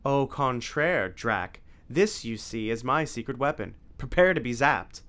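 A man's voice: medium pitch, expressive, a little slow, a bit bright, smooth. A cheeky plucky boy, read by a man. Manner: cheeky, spirited.

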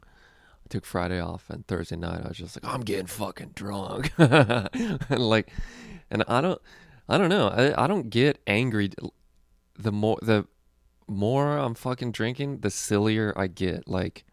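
A man's voice: lowish voice, animated, a little slow, gravelly, no room sound, studio quality. A young adult man, a comedian hosting a podcast, telling stories in a rambling, profane way and laughing often. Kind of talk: casual podcast chat.

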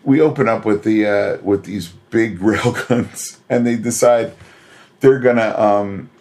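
A man co-hosting a podcast in casual chat, animated and laughing often, slipping into put-on voices to quote characters. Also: fairly low pitch, a little slow. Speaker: podcast co-host.

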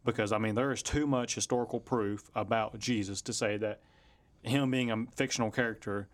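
A man's voice: on the low side, steady tone, brisk. A man hosting a casual podcast discussion, laid-back and addressing listeners directly. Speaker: podcast host.

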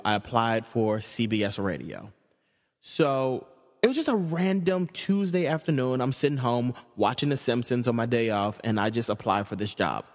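Young man, candid storyteller with a slightly low voice, chatty and full of fillers, recorded with a lingering echo. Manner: casual, filler-heavy, emotional in places. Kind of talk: personal storytelling.

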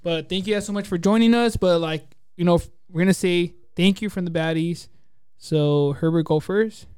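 A young man hosts a casual podcast chat with a fairly high, smooth voice. He rambles loosely and laughs often. The sound is close and dry. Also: normal speed, a little mellow, no room sound. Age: young adult. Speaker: podcast host. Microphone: headset.

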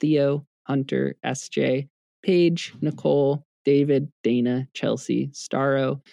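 Creaky-voiced man closing a podcast. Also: medium pitch, flat delivery, slow pace, warm tone, no echo, muffled recording. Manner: rambling, with frequent fillers and restarts. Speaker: podcast co-host. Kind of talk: casual podcast outro.

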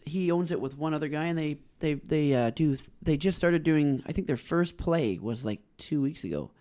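A young man from British Columbia, a comedian guesting on a podcast. His voice sits fairly high for a man, and he chats in an easygoing, agreeable way, laughing often. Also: lively intonation, normal speed, mellow. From British Columbia, Canada. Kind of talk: casual chat.

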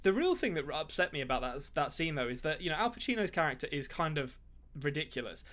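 Animated podcast co-host, a bit high. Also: male voice, fast. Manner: animated, puts on voices to mock lines. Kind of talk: casual movie podcast chat.

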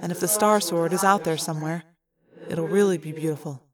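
Calm young alien cadet, soft and measured, proud, read by a woman. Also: lowish voice, crowd noise, lightly acted.

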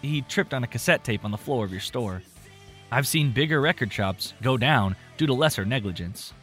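A man's voice: mid-range voice, lively intonation, moderate pace, fairly bright tone, soft background music, natural voice. A man voicing a wry, sarcastic young man in a storybook reading.

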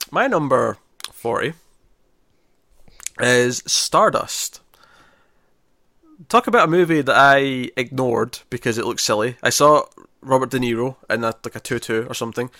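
A man's voice: mid-range voice, pushed and bright, no room sound, clean studio sound. A man co-hosting a casual movie-ranking chat, talking enthusiastically, laughing often and restarting his sentences. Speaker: podcast co-host ranking movies.

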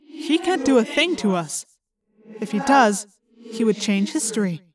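A woman reading as a calm young alien ally. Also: a little high, measured pace, crowd noise. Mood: reasoning.

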